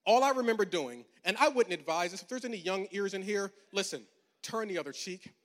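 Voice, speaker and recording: A man in his forties preaches to his congregation with a high, bright voice that carries. His manner is conversational and humorous, and it swells into emphatic proclamations. The sound rings with a long reverb from a large church auditorium. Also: lively intonation, brisk. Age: 40s. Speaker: pastor. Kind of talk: storytelling sermon.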